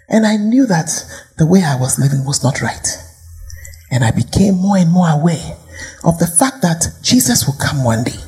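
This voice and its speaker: A woman's voice: sits low, a little mellow. A woman pastor with a Ghanaian accent preaching a sermon, firing rhetorical questions and sometimes dropping to a whisper.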